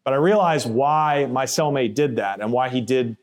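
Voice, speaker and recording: A man's voice: medium pitch, moderate pace. A man telling his own story in a plainspoken, blunt way, casual and with swearing, acting out other people's voices in quotes. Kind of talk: first-person storytelling podcast.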